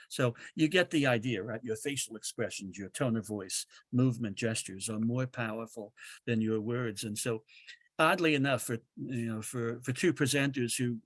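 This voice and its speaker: A man presents a training webinar in an earnest, animated way, often restarting his sentences. His voice sits in a middle pitch, and it is captured close and dry over a video call mic with no room sound. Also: no echo.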